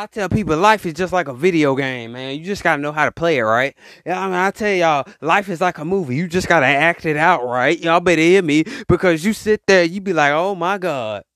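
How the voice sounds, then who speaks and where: Casual podcast host, a man with a high, lively voice, dry close sound. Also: no room sound. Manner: rambling, animated, acts out quoted voices. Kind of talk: casual motivational monologue.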